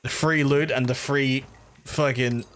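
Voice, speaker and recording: A man from Northern Ireland with a softened Belfast accent, chatting casually and swearing freely through his own game stream, restarting his sentences often. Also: medium pitch, fairly even intonation, a little slow, slight background noise. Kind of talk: casual gameplay commentary.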